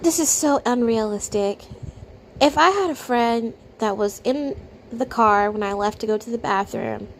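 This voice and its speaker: High-voiced woman giving blunt reaction commentary. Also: a little hiss or hum. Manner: blunt, incredulous, swings between muttering and loud outbursts. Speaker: reaction video host.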